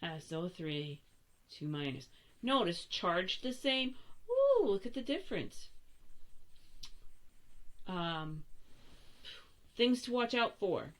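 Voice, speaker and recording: A woman's voice: on the low side, very animated, takes it slowly, long pauses. An older woman teaching a chemistry lesson, chatty and playful, correcting herself as she goes. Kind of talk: recorded classroom lesson.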